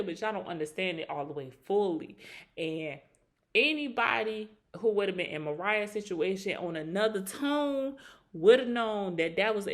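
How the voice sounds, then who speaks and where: A woman casually recapping a reality show reunion, animated and acting out quotes in a higher voice.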